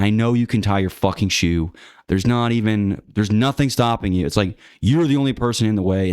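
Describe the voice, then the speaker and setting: A man's voice: low voice, darkish tone, dry recording, studio quality. A man talking through his opinions in a rambling, blunt casual monologue, full of fillers and restarts. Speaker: channel host.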